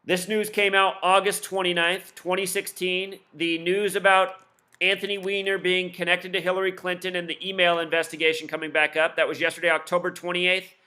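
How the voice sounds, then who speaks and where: A man explaining his theories in a solo video, rattling off numbers quickly and insistently, with scornful asides. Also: high-pitched, little pitch movement, pushed and bright. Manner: rapid-fire, insistent, admits talking too fast; lists numbers and codes in rapid bursts. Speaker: video commentator.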